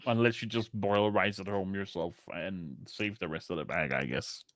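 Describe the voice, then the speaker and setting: A man's voice: low voice, steady tone, moderate pace, a bit bright, dry recording. A man with a Danish accent, a podcast co-host chatting casually in a rambling, chatty way with casual swearing. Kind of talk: casual chat.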